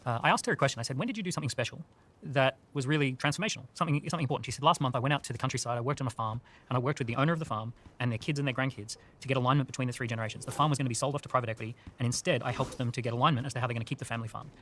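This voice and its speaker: A man speaking as a podcast guest, explaining his ideas in a measured way and telling stories. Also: medium pitch, fairly bright tone, slight background noise. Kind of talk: conversational explanation.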